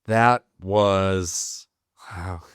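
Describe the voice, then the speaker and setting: Drawing out his words in a low-pitched, clean-toned voice, a man who served in the Marines spins casual stories as a podcast guest. His talk is rambling and profane, packed with "like." The sound is dry and studio-clean.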